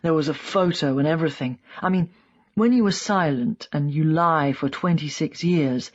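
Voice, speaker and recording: A woman narrator voicing a weary middle-aged former secret police man, confessional and halting, in an audiobook. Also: sits low, dull audio. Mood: rueful.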